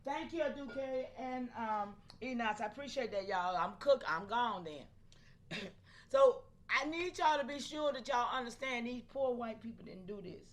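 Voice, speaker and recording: A high-pitched woman speaking hosts a live stream. She talks animatedly, often breaking off to call out to her viewers and laughing between points. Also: animated, unhurried. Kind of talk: casual live-stream talk to chat.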